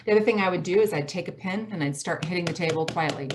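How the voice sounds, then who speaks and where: Fast-talking Midwestern woman, emphatic. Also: on the low side, a little hiss or hum. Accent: Midwestern American. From Michigan, US Midwest. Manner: fast-talking, emphatic, repeats key phrases. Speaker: college president giving a talk. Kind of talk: motivational talk on a video call. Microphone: video call from home.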